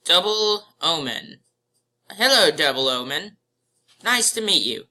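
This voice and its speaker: Bright, slow-talking game commentator. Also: mid-range voice, big pitch swings. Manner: playful, exclaiming at the game. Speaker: gamer. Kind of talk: live gameplay commentary.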